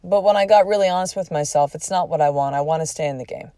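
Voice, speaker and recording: A woman's voice: low-pitched, quick pace, warm tone, clean tone, no room sound. Candid, swearing woman in her forties. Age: 40s. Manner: candid and emphatic, swears freely. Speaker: podcast host. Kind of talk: personal storytelling monologue.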